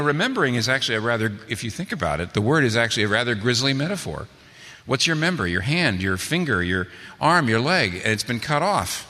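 A man's voice: medium pitch, lively intonation, fairly quick, bright, forceful tone, in a large hall. A man preaching a sermon, asking rhetorical questions and building to emphatic peaks. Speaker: pastor.

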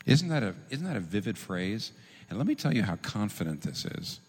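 A man preaching a sermon, teaching in an animated, humorous way with quick asides. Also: fairly low pitch, breathy edge. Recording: long reverb in a large hall.

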